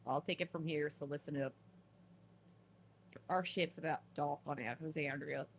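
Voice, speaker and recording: Woman doing a gruff Southern thief boss. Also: low-pitched, fairly even intonation, normal speed, slight background noise, pitched below the performer's own voice. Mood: bossy. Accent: put-on American Southern. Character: gruff middle-aged male leader of a thieves' band.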